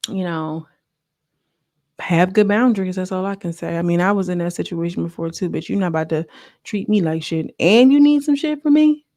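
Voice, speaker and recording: A woman's voice: fairly even intonation, a little fast, a little mellow. Chatty woman recapping reality TV. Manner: chatty, gossipy, acts out quotes with raised pitch. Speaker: reality TV reviewer. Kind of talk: casual recap vlog.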